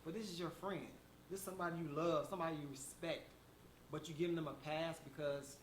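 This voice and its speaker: A man's voice: fairly high pitch, fairly even intonation, fast talker, a little hiss or hum. A man giving a motivational monologue, talking emphatically and preaching straight to his listeners. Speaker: motivational speaker. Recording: echoey room with faint background ambience.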